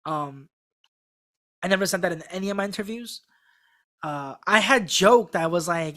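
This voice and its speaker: A woman's voice: lowish voice, normal speed. A woman being interviewed as a singing contestant, telling her story in a casual, rambling way full of fillers and restarts. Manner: acts out quoted people in a mock-excited voice. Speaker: singing contestant guest on a podcast.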